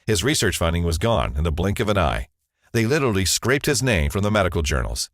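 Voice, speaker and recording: A man's voice: sits low, very animated, fast talker, a bit bright, no echo, studio quality. A man narrating a scripted first-person advertisement as a confessional story.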